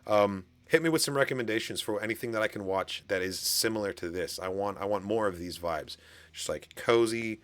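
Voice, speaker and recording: Enthusiastic low-voiced man chatting with fans. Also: fairly quick, a bit bright, no room sound. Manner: enthusiastic and chatty, with lots of fillers and bursts of laughter. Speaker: anime reaction channel host. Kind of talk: casual reaction commentary to camera.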